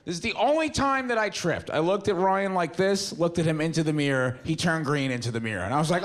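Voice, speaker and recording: A young man works a stand-up crowd in a slightly raised voice. His delivery is loose and mumbly, with pitch that swings widely whenever he acts out a line. A faint background hum sits under the stage mic. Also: expressive, quick pace, hardly any pauses, fairly bright tone. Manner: loose, mumbly storytelling with acted-out quotes. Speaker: stand-up comedian. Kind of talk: stand-up comedy set. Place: theater stage with a live audience.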